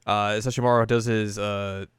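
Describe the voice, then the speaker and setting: A man co-hosting a casual anime recap podcast. He jokes and laughs his way through the story with a sarcastic edge. His voice is smooth and resonant, recorded dry and close. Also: fairly low pitch, flat delivery, normal speed, dry recording. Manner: joking, sarcastic, laughs often. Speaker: podcast co-host.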